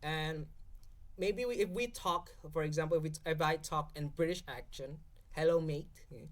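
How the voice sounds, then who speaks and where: A man's voice: a little high, normal speed, a bit bright. Indonesian-accented young man explaining. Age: young adult. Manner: explanatory, keeps checking in with "okay?". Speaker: podcast guest speaker. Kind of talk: casual explanatory podcast talk.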